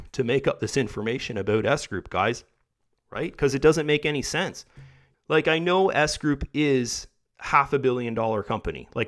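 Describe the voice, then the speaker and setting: A man talks straight to his viewers in a loose, rambling monologue, full of fillers, restarts and "right, guys" tags. His voice sits in an ordinary middle register and is starting to wear rough as he goes. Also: mid-range voice, a bit bright. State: losing his voice. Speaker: video host. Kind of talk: casual monologue to camera.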